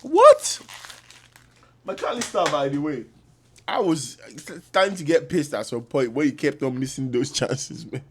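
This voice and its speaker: A man's voice: a little high, unhurried, a little hiss or hum. Swearing, hyped-up male football fan. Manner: loud, swearing, shouting, laughing bursts; trash-talking, animated. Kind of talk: excited fan reaction.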